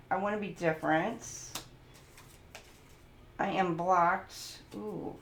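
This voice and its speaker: A woman's voice: mid-range voice, fairly even intonation, takes it slowly. A woman giving a casual, playful tarot reading, sometimes goofy, reading card messages aloud to her viewers. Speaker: tarot reader. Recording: roomy echo, faint background noise.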